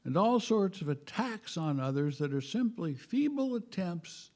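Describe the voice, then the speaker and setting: A man giving a humorous spiritual talk in a wry, self-mocking way, halting and repeating words, with chuckles. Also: fairly high pitch, lively intonation, darkish tone. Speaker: spiritual speaker.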